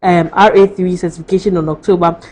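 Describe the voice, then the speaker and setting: Low-voiced woman reading texts on air. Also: fairly even intonation, fast, darkish tone. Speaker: co-host reading viewer messages. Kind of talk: reading viewer text messages on air. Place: TV studio.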